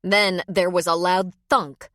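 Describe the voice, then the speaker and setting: A woman narrating a romance audiobook in measured scripted storytelling. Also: fairly low pitch, steady tone, a bit bright, no room sound, studio quality.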